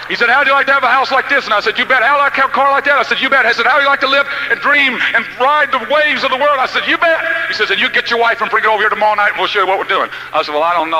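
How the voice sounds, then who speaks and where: A middle-aged man telling stories in a folksy, animated speech, swinging from shouts to hushed lines. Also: high voice, slight background noise, rough recording. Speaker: motivational speaker. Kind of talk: storytelling speech.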